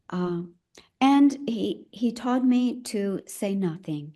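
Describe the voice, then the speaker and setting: An older woman recounting her past in an interview, speaking in a reflective, halting way and stopping now and then to find the right words. Her pitch sits in the middle range for a woman, and her voice is neither high nor low. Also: darkish tone. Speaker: elder midwife guest. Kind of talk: personal storytelling in conversation.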